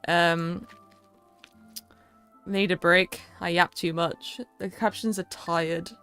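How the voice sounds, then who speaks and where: A woman's voice: lowish voice, pushed and bright, smooth. A young woman with a southern English accent, chatting casually and rambling with a lot of fillers on a livestream. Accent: southern English, London area. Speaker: streamer.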